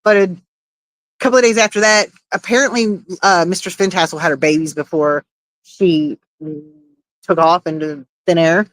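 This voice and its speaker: A woman's voice: on the low side, steady tone, normal speed, dry recording. A woman hosting a casual livestream, chatting and reading out viewer comments, laughing often and swearing casually. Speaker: livestream host.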